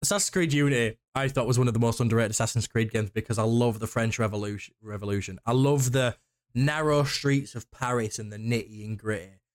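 A man co-hosting a casual podcast, talking at an ordinary middle pitch. He rambles eagerly from point to point and swears offhandedly. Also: a little fast. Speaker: podcast co-host. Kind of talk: casual chat.

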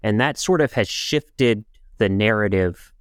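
A middle-aged man hosts a podcast in a lowish, smooth voice. He talks earnestly and at length, restarting his phrases now and then. The recording is dry and close. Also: a little slow, dry recording. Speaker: podcast host. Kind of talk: casual interview talk.

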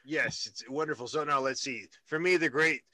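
A man's voice: medium pitch, normal speed, bright, forceful tone, no room sound. A man hosting a casual interview, rambling and joking with many restarts. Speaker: radio host.

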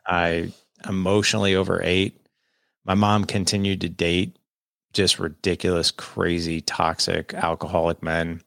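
A man's voice: sits low, little pitch movement, unhurried, gravelly, fairly bright tone, no room sound, studio quality. A man, candidly telling a personal story as a podcast guest and acting out the dialogue. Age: 40s. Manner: candid, conversational, quotes people in dialogue.

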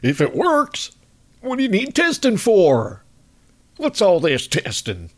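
A man's voice: high voice, wildly swooping pitch, slow pace, pitched above the performer's own voice, full character voice. A man putting on a boastful Southern doctor.

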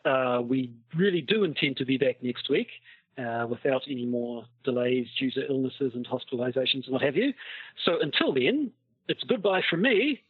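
Podcast co-host, male, husky voice, rambling and dry, heard over a tinny, muffled call line. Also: mid-range voice, expressive, moderate pace, dry recording. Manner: wordy, rambling, dry humor. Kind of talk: casual chat over a call. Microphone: internet call.

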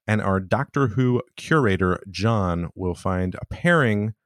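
A man's voice: lowish voice, lively intonation, measured pace, no echo, clean studio sound. A man co-hosting a podcast in casual chat, joking and teasing with mock-angry banter. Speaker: podcast co-host.

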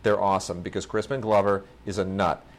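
A man's voice: sits low, little pitch movement, fairly quick. A man co-hosting a podcast, rambling enthusiastically and with some self-mockery about a film collection. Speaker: podcast co-host. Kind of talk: casual chat about home video releases.

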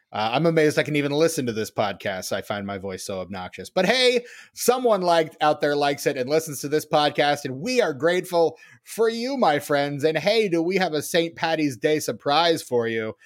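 A man's voice: a little high, moderate pace. A man hosting a casual film podcast, joking and punning as he talks. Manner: jokey, punning, animated. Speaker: podcast host.

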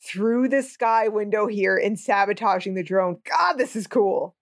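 A woman's voice: mid-range voice, unhurried, no room sound, studio quality. A woman co-hosting a movie podcast in a casual chat, wry and sarcastic, laughing often. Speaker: podcast co-host.

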